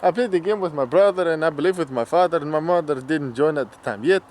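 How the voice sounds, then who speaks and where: Guy putting on a jokey fake russian accent, broken grammar, slightly high voice. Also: a little mellow, lightly acted. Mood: playful. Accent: mock Russian. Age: 20s. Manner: broken grammar, playful and deliberate. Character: young man in mock Russian accent, broken English.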